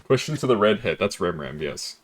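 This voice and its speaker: A man's voice: low voice, big pitch swings, a little fast. A man hosting a casual gaming stream, reacting to a friend's stories with laughter and sympathy. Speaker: streamer host.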